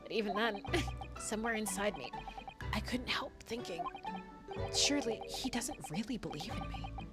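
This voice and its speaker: A woman reading the lines of an earnest young male law student aloud from a game, in a quiet, low, solemn tone. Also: expressive, moderate pace, long pauses, loud music behind the voice, lightly acted.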